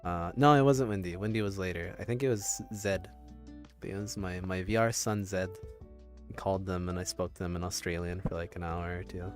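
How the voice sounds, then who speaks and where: A man with a lowish voice chats casually as co-host of a podcast, rambling on and poking fun at himself. Faint music plays underneath. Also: a little fast. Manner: rambling, self-mocking, laughs often. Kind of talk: casual chat.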